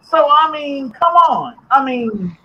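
Very high-voiced ranting man. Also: sing-song, slow, lo-fi sound. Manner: profane, blunt, heated, sometimes shouting. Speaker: podcast host. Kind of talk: ranting commentary.

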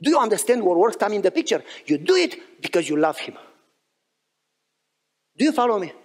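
Animated husky-voiced preacher man. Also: high voice, fairly quick. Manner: animated storytelling, acting out dialogue. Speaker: pastor. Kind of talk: sermon.

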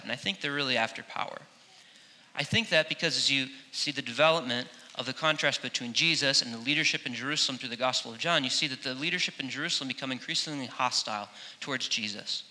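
A man preaching a sermon as pastor, animated, acting out quoted lines with playful emphasis, in a large church. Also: medium pitch. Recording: long hall reverb in a church.

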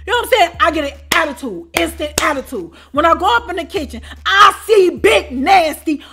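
A woman host telling a storytime tale in an animated way, breaking into shouts and often repeating a conversational tag. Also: extremely high pitch, quick pace, soft background music. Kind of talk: storytime vlog.

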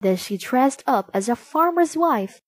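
A woman narrating a storybook aloud, slow, clear and expressive. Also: high voice, no room sound.

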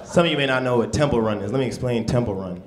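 A man performing a stand-up comedy set on a club stage, punchy and animated. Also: mid-range voice, racing, slight background noise. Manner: deadpan then animated, punchy delivery. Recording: live club recording with crowd. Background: audience laughter.

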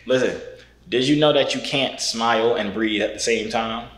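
A man's voice: medium pitch, moderate pace, roomy sound, a crowd in the background. A young man vlogging, teasing strangers on a video call with a playful, mock-serious manner. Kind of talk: prank video-call chat.

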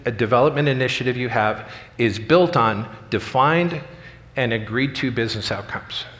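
A middle-aged man speaks from a conference stage and talks an audience through a workplace story in an earnest, plain way. His voice sits at an ordinary pitch for a man. A long reverb from the big hall trails behind each phrase. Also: fairly bright tone. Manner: earnest, story-driven, acts out quoted lines. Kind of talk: storytelling keynote speech.

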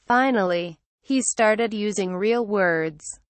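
A woman reading a horror story aloud in a slow, measured way. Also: mid-range voice, no echo. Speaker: story reader.

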